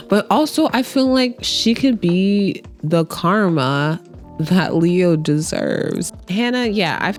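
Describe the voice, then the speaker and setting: A woman's voice: low voice, a little mellow. A woman reviewing a TV show in casual chat, talking bluntly and chattily, full of fillers and the odd swear word.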